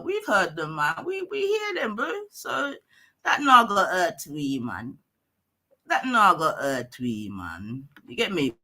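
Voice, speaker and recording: A man's voice: sits high, pushed and bright. A man with a London accent hosting a live stream debate, confrontational and full of street slang.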